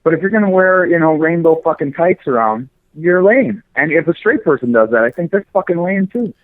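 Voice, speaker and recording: A man's voice: fairly high pitch, animated, brisk, no room sound. Ranting man on a tinny line. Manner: profane, ranting, mocking. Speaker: podcast co-host. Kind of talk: crude casual banter. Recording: dry, phone-like narrow sound.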